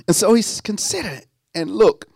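Lively high-voiced preacher, dry sound. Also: male voice, a little fast, vocal fry, breathy edge, no room sound. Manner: animated preaching with sung lines and dramatic drops to a hush. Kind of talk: sermon.

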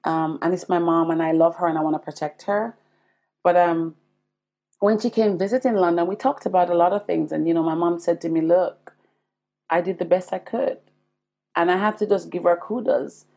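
Jamaican woman, 40s, podcast host; low husky voice, earnest confiding storytelling to listeners. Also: steady tone, brisk, a little mellow. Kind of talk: personal storytelling monologue.

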